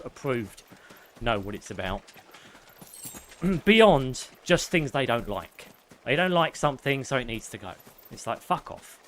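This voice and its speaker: A man's voice: mid-range voice, a bit bright, slight background noise. A young man streaming a game, swearing freely as he rants and chats with viewers. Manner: profane, ranting, chatting with viewers. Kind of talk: live gameplay commentary.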